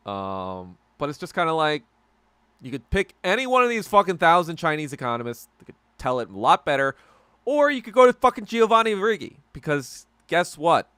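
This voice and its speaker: Podcast guy ranting on stream, curses a lot, pitch jumps all over, dry close sound. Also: sharp tone, no room sound. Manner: profane, rambling and heated. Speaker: podcast host. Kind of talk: casual livestream commentary.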